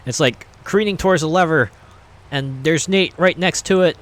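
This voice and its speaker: A man's voice: on the high side, normal speed. A man streaming a game, chatting casually in a rambling, hesitant way with many fillers. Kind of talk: casual chat while playing.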